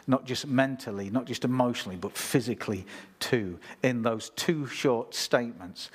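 A man's voice: medium pitch, husky. A man preaching a sermon in a conversational way, talking straight to the congregation. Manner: conversational preaching, reads scripture, asks listeners.

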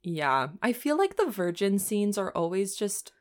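A woman's voice: mid-range voice, measured pace. A young woman co-hosting a podcast, chatting casually with crude jokes and frequent giggling. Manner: giggly, crude, animated storytelling. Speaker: podcast co-host. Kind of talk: casual chat.

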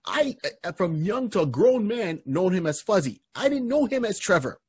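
A man from Barbados chats on a podcast and tells long stories, stumbling and restarting as he goes. His voice is husky and swings widely in pitch. The sound is dry and close. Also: normal speed, no echo. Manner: animated storyteller, many restarts. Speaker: podcast co-host and comedian. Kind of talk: casual podcast chat.

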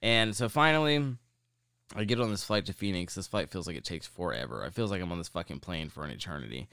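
A young man with a fairly low voice tells a rambling, swear-heavy story in casual podcast chat. His tone is bright and forceful, his voice clean and smooth. The sound is dry and close. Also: animated, fast talker, no room sound. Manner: profane, rambling anecdote-telling.

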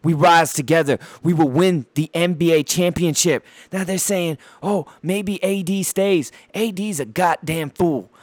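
A male podcast host, fired up and bouncing around with a handheld mic, rants about basketball, swearing constantly and tripping over his words. His voice sits on the high side and moves a little slowly with few pauses. There's no echo on the recording.

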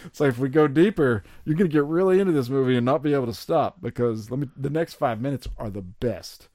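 A man chats and jokes with his friends on a home podcast, laughing between his lines. His voice sits at an average pitch and sounds close and dry on the mic. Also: a little fast, mellow, dry recording. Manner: playful, laughing, jokey asides. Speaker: podcast co-host. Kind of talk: casual chat. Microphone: podcast mic on a stand.

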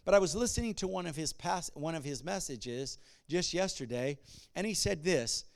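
Male pastor, slightly high voice, chatty sermon delivery that swells into loud call-and-response. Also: expressive, moderate pace. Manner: call-and-response preaching, rising to loud bursts; conversational asides and restarts.

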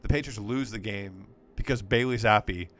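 A man's voice: on the low side, moderate pace, a bit bright, slight background noise. A man co-hosting a sports podcast, talking in a rambling, exasperated, profane way. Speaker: podcast co-host. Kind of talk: casual sports podcast chat.

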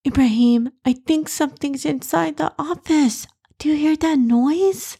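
A woman voicing a stubborn four-year-old girl with a whiny, childish manner and a high, breathy voice. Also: very animated, unhurried, mellow. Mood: startled.

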